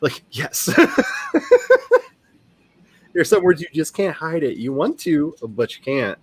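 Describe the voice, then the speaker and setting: A woman with a Southern US accent, an author chatting casually on a writing livestream, animated and self-mocking. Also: sits low, slow, breathy edge, no room sound.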